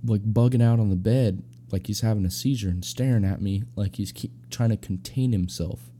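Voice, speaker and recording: A man's voice: on the low side, moderate pace, mellow. A young adult man casually telling a personal anecdote, rambling and slangy with lots of fillers. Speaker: storyteller.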